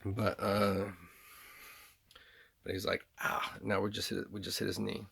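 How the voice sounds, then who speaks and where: A man with a slight Southern drawl rambles through an unscripted video monologue, full of fillers and restarts. His low voice has a gravelly, husky edge. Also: monotone, a little slow. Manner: rambling, speaks of himself in third person, many restarts and fillers.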